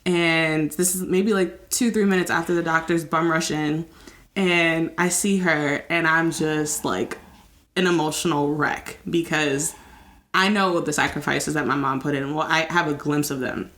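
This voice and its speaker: A young woman hosting a candid podcast, telling an emotional story and quoting people in lively voices. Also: low-pitched, a little slow. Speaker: podcast host.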